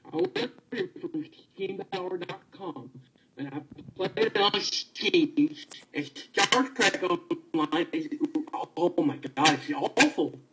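A man angrily ranting about a video game, stammering and repeating himself as he swings between outbursts and low muttering. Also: big pitch swings, takes it slowly, fairly bright tone, rough recording. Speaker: video gamer. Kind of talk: angry ranting vlog.

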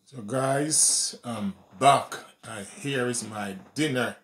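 A man's voice: medium pitch, slow, fairly bright tone, roomy sound, a little hiss or hum. A man showing his home-cooked dinner, talking casually to viewers and saying "guys" at nearly every turn. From Jamaica. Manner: repeats "guys" constantly, simple homely commentary. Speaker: home cooking vlogger. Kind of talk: casual cooking demonstration. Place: home kitchen.

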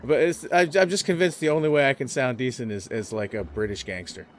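A man's voice: medium pitch, lively intonation, fast, faint music behind. A man from the United States with an American accent, joking around as a guest co-player in casual gameplay chat. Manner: easygoing, joking banter.

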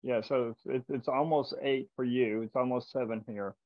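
Give me an enthusiastic man hosting a casual chat over a dull video call, mid-pitched, stumbling and repeating words. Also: fairly even intonation, moderate pace, no room sound. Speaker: podcast host tasting bourbon. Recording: dull, lo-fi sound.

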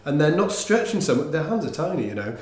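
Man teaching bass in an echoey room. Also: quick pace. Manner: relaxed, rambling, many fillers and restarts. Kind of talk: casual online music lesson. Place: room with instruments, bass played along.

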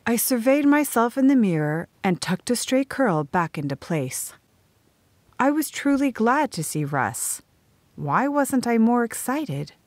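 A woman narrating a first-person audiobook in a measured storytelling manner. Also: on the high side, sing-song, no echo.

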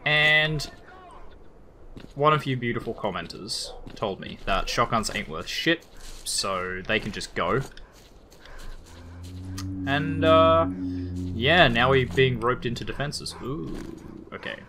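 A man's voice: medium pitch, lively intonation, slow, pauses often, bright, forceful tone, slight background noise. A man with an Australian accent giving casual, rambling, lightly profane commentary while playing a video game. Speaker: let's play gamer.

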